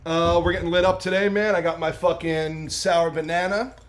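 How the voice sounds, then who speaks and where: A man's voice: a little high, steady tone, normal speed, a crowd in the background. A man from Long Island co-hosting a casual podcast, chatty and swearing freely. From Long Island, New York. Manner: laid-back, profane, chatty. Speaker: podcast co-host.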